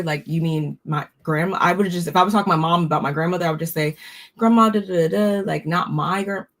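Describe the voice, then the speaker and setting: A woman's voice: low voice, a bit bright. Woman doing a chatty reality tv recap, opinionated, keeps restarting her sentences. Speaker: recap host.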